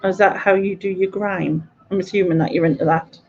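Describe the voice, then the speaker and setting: A woman's voice: mid-range voice, a little fast, hardly any pauses, darkish tone, highs cut off, a little hiss or hum. A woman with a Mackem North East English accent, hosting a live quiz stream and chatting casually as she reads out viewer comments, laughing often. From North East England. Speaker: livestream quiz host.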